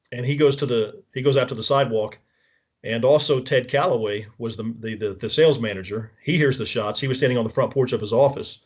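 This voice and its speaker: A man's voice: mid-range voice, husky. A man with a middle-range voice talks through events piece by piece as a guest on a show. He often restarts his sentences and corrects himself, and he checks in with the listener as he goes. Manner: detailed step-by-step recounting, checks in with the listener; frequent restarts and self-corrections. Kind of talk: casual spoken walkthrough of events.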